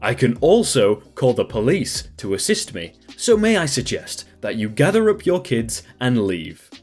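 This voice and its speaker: A man's voice: mid-range voice, sing-song, normal speed, darkish tone, faint music behind. A man reading a story aloud, voicing a polite but firm male restaurant manager.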